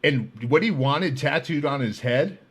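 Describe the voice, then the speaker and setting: A man hosting a podcast, casually telling a story, animated and profane, acting out the voices of people he quotes. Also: fairly high pitch, a little slow, slightly rough. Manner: animated, swears freely, acts out quoted voices. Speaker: podcast host.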